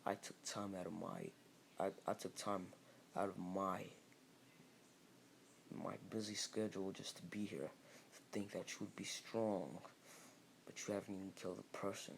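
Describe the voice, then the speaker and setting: A man's voice: low-pitched, level tone, moderate pace, vocal fry, pauses often. A man voicing a scornful, hissing godlike being. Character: arrogant godlike male being, scornful and angry.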